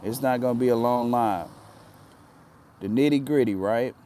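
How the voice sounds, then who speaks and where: A man's voice: mid-range voice, moderate pace, mellow, slight background noise. A man telling a personal story in a casual, earnest way, often repeating himself for emphasis.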